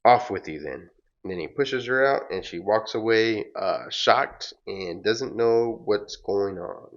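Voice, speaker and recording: A man's voice: fairly low pitch, takes it slowly, lo-fi sound. A man casually narrating a comic read-along as the channel host, loose and plain with fillers.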